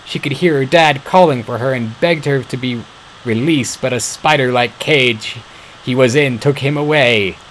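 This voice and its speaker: A man's voice: mid-range voice, moderate pace, fairly bright tone, a little hiss or hum, low-quality recording. A man reading a fan story aloud, stumbling and correcting himself now and then. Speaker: fan-fiction reader.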